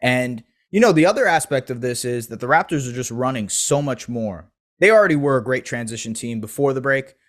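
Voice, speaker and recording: A man's voice: mid-range voice, expressive, a little fast. A man recapping a basketball game alone, talking in a loose, analytical, casual way. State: eating pizza while talking. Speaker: basketball podcast host. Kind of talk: solo game recap commentary.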